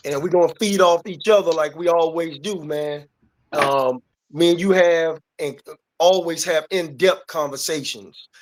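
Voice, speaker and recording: A man from D.C. who is a guest on a casual talk show, speaking earnestly in a slightly high voice. He measures his words and often stops on an "um.". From Washington, D.C. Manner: earnest, measured, with many "um" pauses.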